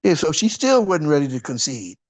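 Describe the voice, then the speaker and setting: A preacher's fairly high, sing-song voice moves a little fast through an informal sermon. His tone is conversational, he poses rhetorical questions, and he checks in with his listeners, frequently asking "huh?"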